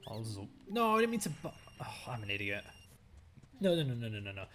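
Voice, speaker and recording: A young man chatting casually while streaming a game, animated and jokey, ranting and mocking himself. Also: medium pitch, a little fast, over music. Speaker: stand-in streamer. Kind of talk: casual gameplay stream chat.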